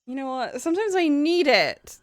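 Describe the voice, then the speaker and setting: A young woman streaming herself painting, chatting casually, excitable and quick to laugh and swear. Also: high-pitched. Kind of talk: casual chat while painting.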